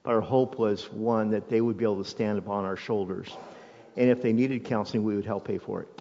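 A man's voice: on the low side, steady tone, brisk, dark tone. A middle-aged man, a father hosting the conversation, speaking candidly and reflectively. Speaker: father and podcast host. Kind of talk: casual conversation. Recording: dull recording with long reverb and faint noise.

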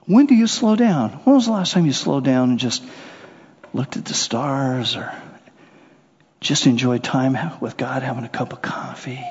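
A man preaching a sermon, animated, acting out little scenes and voices as he goes. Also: mid-range voice, moderate pace, husky. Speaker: pastor. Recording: muffled sound with long hall reverb.

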